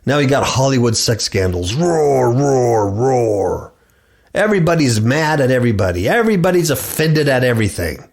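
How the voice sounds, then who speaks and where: A man's voice: mid-range voice, very animated, normal speed. A middle-aged man hosting a radio show, preaching and reading scripture aloud. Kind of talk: preaching bible commentary.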